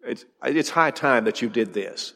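A man's voice: medium pitch, expressive, a little slow, creaky, a bit bright, in a large hall. A man preaching a sermon, emphatic, firing off rhetorical questions and repeating his words as he drives a point home.

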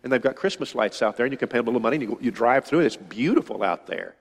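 A man's voice: mid-range voice, lively intonation, racing, breathy edge. An older man preaching a sermon, emphatic and often repeating phrases for stress. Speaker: pastor. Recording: long hall reverb.

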